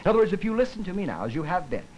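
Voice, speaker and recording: A man lecturing in an old educational film, his voice fairly high for a man and rising and falling with animated emphasis. He acts out his examples as he goes, pushing some words loud and dropping others soft. A faint hiss sits under the voice. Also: racing, dull audio. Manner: demonstrative, acts out examples with voice and gestures.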